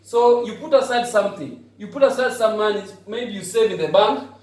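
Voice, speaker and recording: A man with a high voice gives a classroom vocabulary lesson, patiently repeating phrases slowly for emphasis. He sounds far from the recorder, and his words ring around a very echoey room. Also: lively intonation, a little mellow. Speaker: English teacher.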